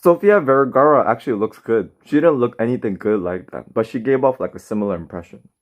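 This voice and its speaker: A man's voice: medium pitch, fast talker, muffled recording. Rambling casual male streamer. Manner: rambling, filler-heavy, chatty. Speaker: streamer reading chat. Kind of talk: casual live-stream chat. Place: home, in bed.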